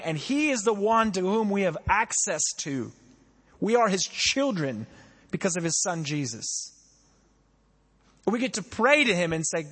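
A man's voice: sits high, a bit bright, slightly rough, big-room sound. A young man preaching a sermon as a pastor, talking in a conversational way and putting questions to the congregation. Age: young adult.

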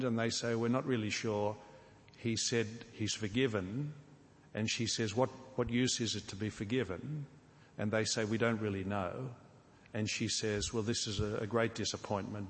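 A man delivers a sermon in an earnest, deliberate way, leaning into key words and playing out imagined scenes. His voice sits at an ordinary middle pitch. The sound carries a long reverb, as in a large church hall. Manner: earnest, slows down for emphasis, acts out imagined scenes. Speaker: preacher.

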